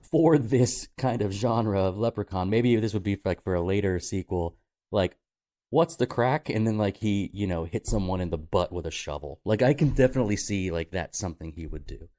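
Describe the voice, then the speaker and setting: A man with a lowish, mellow voice talks through a film in a loose podcast chat. He rambles, restarts his sentences and tosses in "like" often. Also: a little fast. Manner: rambling, full of fillers and restarts, reads out phrases. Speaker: podcast co-host. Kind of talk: casual movie discussion.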